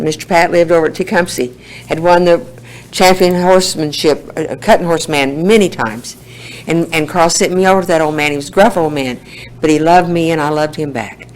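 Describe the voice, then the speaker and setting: A woman gives a personal testimony at a recovery meeting. Her voice is gravelly, and she tells her story in a plain, homespun way. A faint hiss sits behind her. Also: deep voice, low-quality recording.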